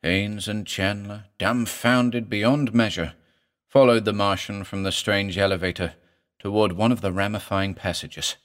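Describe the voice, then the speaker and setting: Guy reading an audiobook, kinda low voice, steady measured storytelling. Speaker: narrator. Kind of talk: scripted audiobook narration.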